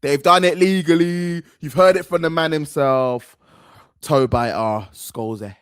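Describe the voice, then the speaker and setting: A man's voice: fairly high pitch, unhurried, clear, resonant tone, no room sound, studio quality. A young man, giving slangy, rambling, outspoken reaction commentary as a football fan host.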